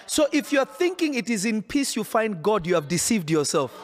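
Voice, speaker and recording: A man's voice: high-pitched, sing-song, normal speed, soft background music. A man preaching a sermon in an emphatic, insistent way, often repeating his phrases.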